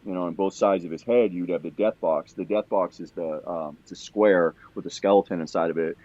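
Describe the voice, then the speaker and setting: On a dull, lo-fi recording, a man appearing as a podcast guest rambles casually through a long story, cursing freely and filling it with fillers and restarts. His voice is low and somewhat dark, fairly quick, with fairly even intonation.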